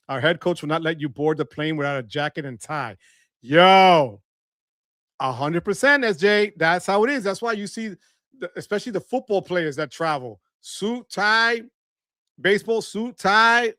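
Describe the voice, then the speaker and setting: A man's voice: high voice, fairly bright tone, no echo, clean studio sound. A man hosting a casual livestream, reading the chat, greeting viewers by name and laughing often. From Bronx, New York. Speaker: livestream host.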